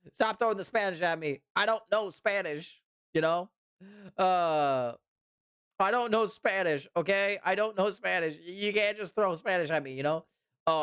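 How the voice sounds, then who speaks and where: A man's voice: on the high side, fairly bright tone, clean tone, dry recording, clean studio sound. A man streaming live, chatting casually and reading viewer comments, rambling and repeating himself with mock indignation. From Canada.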